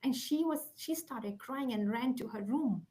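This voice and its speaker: Earnest woman, slightly high voice. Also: measured pace. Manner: earnest, reflective, softens to near whispers at key points. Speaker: guest speaker. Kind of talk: heartfelt conversational storytelling.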